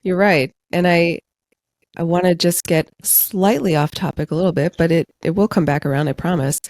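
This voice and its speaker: A woman hosting a podcast in casual chat, talking in a relaxed, conversational way with occasional fillers. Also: low voice, dry recording, studio quality. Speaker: podcast host.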